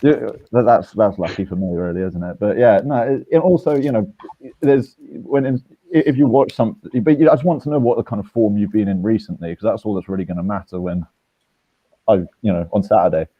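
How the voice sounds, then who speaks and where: A man's voice: lowish voice, fairly quick, no echo. A man with a posh English accent, chatting hesitantly and self-deprecatingly, often restarting his words. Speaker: battle rapper. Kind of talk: casual chat. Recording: dry, dull lo-fi sound.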